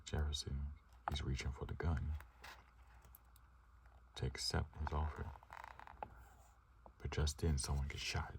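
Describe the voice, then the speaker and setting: A man narrating an ASMR comic reading in a soft, unhurried whisper with a gravelly voice. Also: a bass voice, flat delivery, distant mic, a little hiss or hum.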